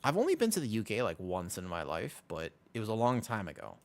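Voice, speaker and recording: A man casually chatting with his viewers while streaming a game, excitable and talkative. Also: fairly low pitch, fast. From United States. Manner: excitable, chatty, reacts to chat.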